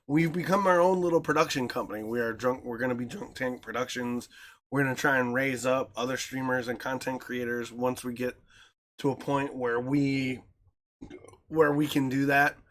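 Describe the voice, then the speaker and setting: A man, co-hosting a podcast in casual chat, animated and quick to laugh. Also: slight background noise. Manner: animated, laughs often, jumps into squeaky voices when retelling. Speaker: podcast co-host.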